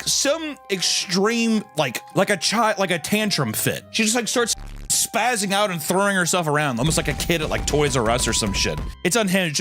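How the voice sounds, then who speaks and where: Guy doing a goofy recap, voice jumps all over the place, slightly high, faint music under it. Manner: animated, laughing, crude jokes, acts out characters' lines. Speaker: show recap host. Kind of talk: comedic episode recap.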